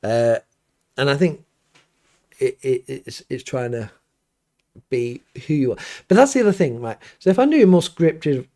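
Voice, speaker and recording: A man's voice: medium pitch, animated, a little slow, long pauses, mellow. A middle-aged man, a priest hosting a live question-and-answer stream from his home studio, talks casually and rambles with many restarts and fillers.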